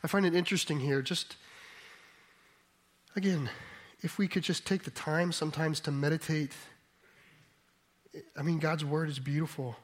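Slightly high-voiced reflective male pastor. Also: steady tone, normal speed, long pauses. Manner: thoughtful, reflective, rising to emphatic. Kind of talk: sermon.

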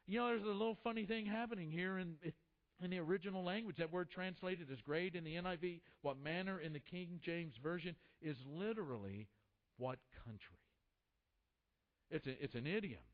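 Impassioned man preaching a sermon, high voice. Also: normal speed, dull audio. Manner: impassioned, rising then dropping to a hush. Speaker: pastor.

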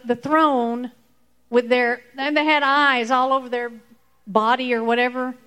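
Lady telling kids a bible story, high voice, gets real animated. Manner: lively, animated storytelling with fillers. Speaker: children's church teacher.

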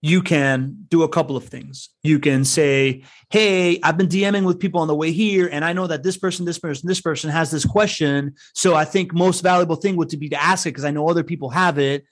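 Chatty man with a fairly high voice. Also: steady tone, a little fast, few pauses. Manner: chatty, filler-heavy, keeps asking "right?". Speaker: podcast co-host giving networking advice. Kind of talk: casual chat.

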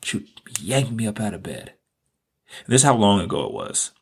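Gravelly, husky man telling a personal story. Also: lowish voice, very animated, normal speed, darkish tone. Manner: earnest, reflective, repeats phrases for emphasis. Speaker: podcast host.

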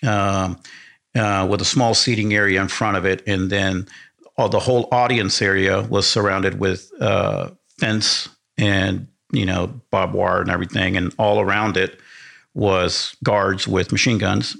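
Here the Argentine sound engineer speaks low and a little slow, with a flat delivery and a creaky, fairly bright tone. As a podcast guest he tells a casual story, rambling with enthusiasm and restarting often.

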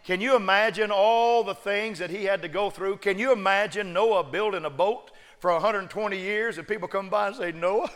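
A man preaching a sermon, joking one moment and shouting emphatic refrains the next. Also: sits high. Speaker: pastor. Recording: long reverb of a large hall.

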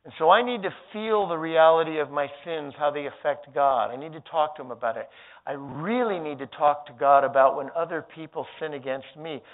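A male pastor preaching a sermon, moving between booming emphasis and hushed, tender tones. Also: fairly quick. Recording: tinny phone-like sermon recording.

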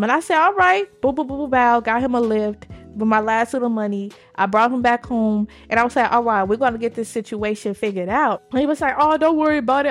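Woman podcast co-host, slightly high voice, emphatic storyteller, soft music under her. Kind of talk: faith testimony, casual.

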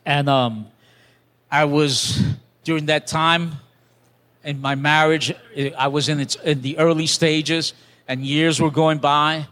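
A man's voice: a little high, fairly even intonation, slow, a bit bright. An older man, a pastor, preaching a sermon as a conversational testimony, with restarts and acted-out quotes.

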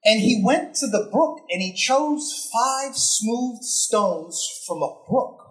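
Retelling a scripture story in a conversational sermon, the preacher speaks slowly at a medium pitch, animated and fairly bright. The delivery is emphatic, full of rhetorical questions and phrases repeated for effect.

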